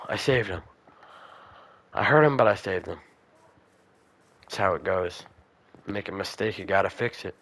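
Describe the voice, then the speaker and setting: A young man giving casual let's play commentary, chatting to the game's characters and breaking into excited shouts. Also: low voice, normal speed, pauses often. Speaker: gamer.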